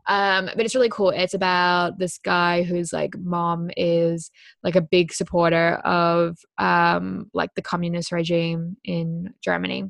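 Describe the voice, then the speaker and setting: Young woman gushing in a chat, lowish voice, dry close sound. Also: little pitch movement, unhurried, gravelly, no echo. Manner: bubbly, laughs often, fillers. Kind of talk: casual chat.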